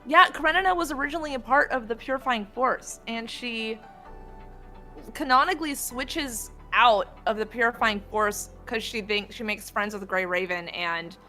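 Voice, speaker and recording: A woman's voice: on the high side, normal speed, sharp tone, faint music behind. A woman co-hosting a casual show, laughing often and reading game lines aloud. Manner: giggly, playful, switches into character readings. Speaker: podcast co-host.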